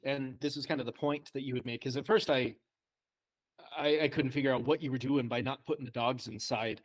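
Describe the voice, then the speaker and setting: A man, a high school English teacher, chatting casually and telling self-deprecating stories with frequent laughs. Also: steady tone, fairly quick. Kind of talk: casual chat.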